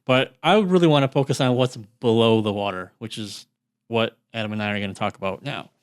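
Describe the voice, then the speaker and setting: A man talking casually as a guest over a video call, explaining with relaxed, dry sarcasm. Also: on the low side, brisk, smooth. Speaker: guest, drum programming course creator.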